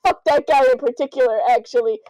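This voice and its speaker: A woman's voice: sits high, fast, mellow, no echo. A sleep-deprived young woman chatting while gaming, rambling through crude, giddy improvised jokes. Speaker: streamer. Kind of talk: casual chat while gaming.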